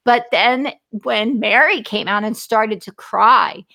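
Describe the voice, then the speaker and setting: Earnest woman host with a gravelly edge. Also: a little high, takes it slowly, pushed and bright. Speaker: talk show host. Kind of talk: conversational interview.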